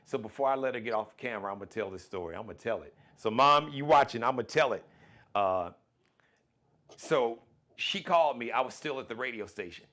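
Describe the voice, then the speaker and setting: Speaking briskly in a mid-range voice, a man runs his own live-streamed talk show. He's folksy and animated, filling it with shout-outs and plugs.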